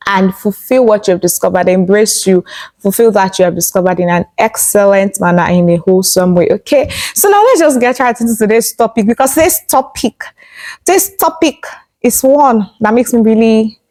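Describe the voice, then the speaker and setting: A woman's voice: mid-range voice, darkish tone. A young woman hosting her own channel, speaking straight to viewers with emphatic, repetitive explanations and direct questions. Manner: emphatic, repeats key phrases, asks viewers questions. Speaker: YouTube host. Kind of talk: direct-to-camera explainer talk.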